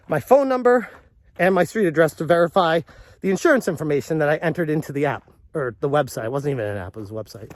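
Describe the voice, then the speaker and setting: A man's voice: a little high, no echo. A man telling a story as a vlogger, exasperated and rambling, often restarting his sentences. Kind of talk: storytelling commentary.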